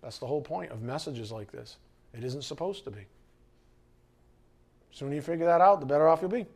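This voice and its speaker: A middle-aged man preaching a sermon as pastor, animated, acting out quoted voices and sometimes shouting. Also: on the high side, brisk, creaky, breathy edge.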